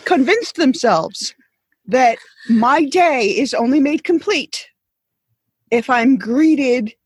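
Woman guest, high husky voice, dry close sound, wry deadpan humor. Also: slow, dry recording. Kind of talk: casual comedic chat.

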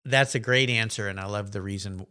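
A man's voice: lowish voice, a little fast, sharp tone, clean tone. A male podcast host chatting in a friendly, upbeat and encouraging way. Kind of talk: casual interview chat.

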